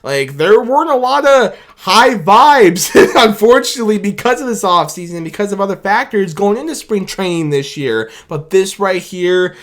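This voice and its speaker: A man's voice: high-pitched, animated, measured pace, a bit bright. A man talks straight to camera in an instant-reaction vlog. He rambles, repeats himself and laughs often as he gushes about his team. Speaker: sports fan YouTuber.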